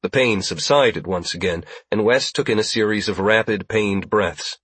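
A man narrating a science-fiction audiobook in a steady, even storytelling manner. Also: on the low side, moderate pace, breathy edge, dry recording. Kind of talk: scripted narration.

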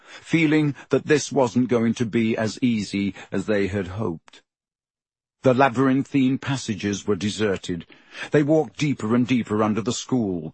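A man narrating a storybook in a steady, measured reading. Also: medium pitch, husky, no room sound. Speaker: audiobook narrator.

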